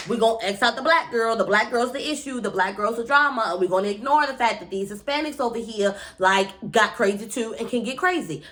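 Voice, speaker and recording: Blunt, animated young woman recapping TV. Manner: animated, blunt and opinionated, often jumps up in pitch, swears freely. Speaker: TV recap vlogger. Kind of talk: casual chatty recap.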